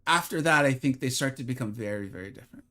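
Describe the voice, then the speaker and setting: A man's voice: mid-range voice, lively intonation, quick pace, pushed and bright. Chatty man streaming a game live. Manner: chatty, self-deprecating, bursts into mock infomercial hype. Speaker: gaming streamer.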